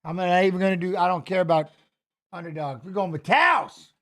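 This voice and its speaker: A man's voice: high-pitched, steady tone, fairly bright tone. A man hosting a fight watch-along in casual, rambling commentary, muttering asides and rattling off stats. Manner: rambling, muttered asides and quick stat reading.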